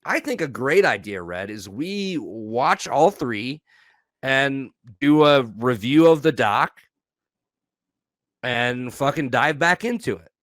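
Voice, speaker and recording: A man's voice: mid-range voice, animated, takes it slowly, fairly bright tone, dry recording, clean studio sound. A man co-hosting a casual podcast, swearing freely, joking and hyping up the audience. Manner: profane, jokey, hypes the audience. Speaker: podcast co-host.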